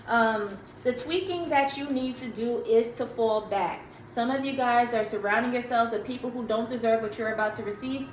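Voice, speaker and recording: Woman doing a chill tarot reading to camera, kinda high voice, slangy and emphatic, echoey room. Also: slight background noise. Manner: chatty, emphatic, slangy, laughs at herself. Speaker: tarot reader.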